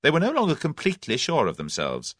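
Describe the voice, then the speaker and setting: A man narrating an audiobook in an expressive, dramatic reading style. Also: on the high side, fast talker, slightly rough, no echo, studio quality. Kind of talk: scripted narration.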